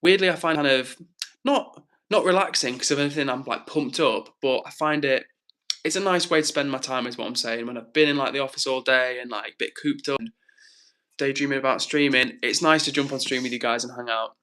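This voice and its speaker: A man's voice: medium pitch, brisk, bright, forceful tone. A man hosting his own live stream, chatting casually and reading out viewer comments in an upbeat way.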